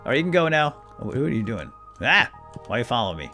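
A man's voice: mid-range voice, big pitch swings, quick pace, pushed and bright, soft background music. A man hosting a let's play, giving casual, jokey gameplay commentary and talking to the game characters.

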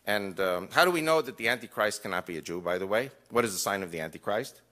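Animated, bright-voiced male lecturer. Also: lowish voice, quick pace. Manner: animated, emphatic, with wry jokes. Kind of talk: lecture to a live audience.

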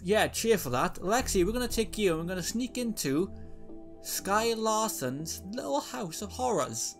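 A man's voice: high-pitched, sing-song, unhurried, faint music behind. A man giving joking, exclamatory commentary while playing a video game. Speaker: let's play gamer. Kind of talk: casual gameplay commentary.

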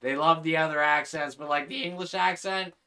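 Man, streamer, profane banter, high bright voice. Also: steady tone, fairly quick. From Canada. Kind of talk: casual gaming chat.

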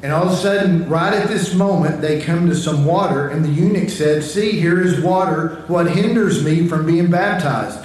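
Guy giving a laid-back sermon, kinda high voice, super echoey church room, mic far away. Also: moderate pace, few pauses, darkish tone. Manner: conversational, storytelling, repeats words when starting phrases. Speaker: pastor. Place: church sanctuary.

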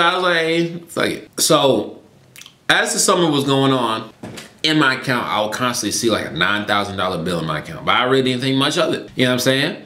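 A young man from Atlanta telling a story to camera in a casual, slangy, profane way, his voice jumping between loud and low. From Atlanta, Georgia, US. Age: young adult. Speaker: YouTuber. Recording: echoey room.

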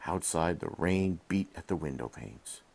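A man reading a bedtime story to his child while in bed, gently asking questions along the way, recorded on a head-mounted camera. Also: low-pitched, lively intonation, unhurried, gravelly, breathy edge. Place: in bed at home.

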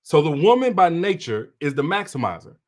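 A man's voice: on the high side, very animated, brisk. A man coaching women on relationships in a livestream talk to his viewers. He is preachy and direct, speaks like a big brother, and repeats phrases for emphasis.

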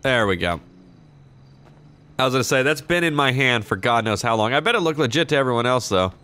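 A man's voice: mid-range voice, expressive, a little fast, bright, forceful tone, clean tone. A young man playing a shop clerk in an online roleplay game, chatting casually, swearing now and then and drawling out his action emotes. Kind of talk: casual gameplay commentary and in-character chat.

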